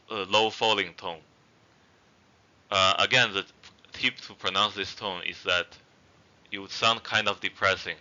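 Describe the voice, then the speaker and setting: A man with a very low voice teaches a language lesson in a casual, halting way, often pausing on fillers. His tone is bright and clear, though the recording sounds somewhat dull and lo-fi. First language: not Zhuang. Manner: hesitant, many fillers and restarts.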